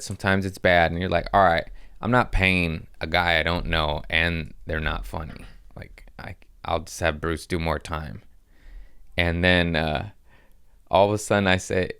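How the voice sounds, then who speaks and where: A man's voice: low voice, moderate pace, a bit bright, clear, resonant tone, no echo, clean studio sound. A man, a stand-up comic hosting a podcast, telling stories in a casual, rambling way, laughing often and swearing freely. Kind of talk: casual storytelling chat.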